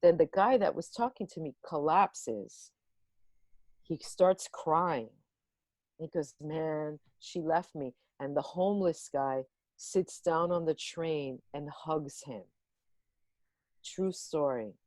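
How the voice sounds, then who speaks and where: A woman telling a personal story to a workshop on a video call, animated and acting out the voices in it. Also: sits low, slow, pauses often, no room sound. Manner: animated, acts out the voices in her stories. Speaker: workshop guest speaker.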